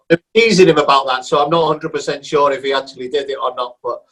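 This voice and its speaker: A man hosting a podcast, talking casually in a halting, rambling way. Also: mid-range voice, fairly even intonation, fairly bright tone, low-quality recording. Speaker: podcast host.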